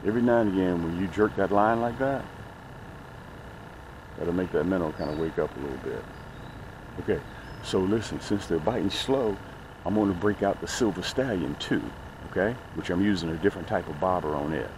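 A man hosting a casual fishing vlog, talking straight to his viewers as "guys", getting excited over each catch and promoting his own gear. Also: low voice, brisk, noisy background. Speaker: fishing vlogger. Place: on a boat outdoors, later in his office.

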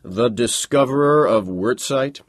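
A man playing a stern, pompous male military officer lecturing a hall of students, brusque and commanding, with a husky voice. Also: mid-range voice, very animated, measured pace, clean studio sound, voice pushed up.

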